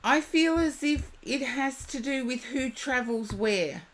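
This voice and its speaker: A woman reading tarot live for viewers, chatty and reassuring, talking to them by name, her voice going a little hoarse. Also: high-pitched, animated, slow. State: losing her voice. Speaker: tarot reader.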